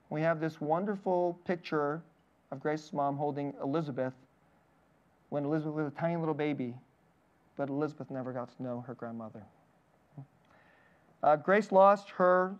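A man's voice: on the high side, lo-fi sound. Man preaching a personal, story-driven sermon. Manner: personal storytelling with frequent laughs. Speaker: pastor.

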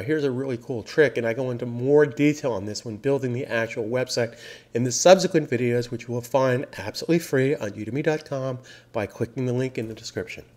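Upbeat man narrating a software tutorial. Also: mid-range voice. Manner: upbeat, emphatic, repeats key phrases. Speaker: software trainer.

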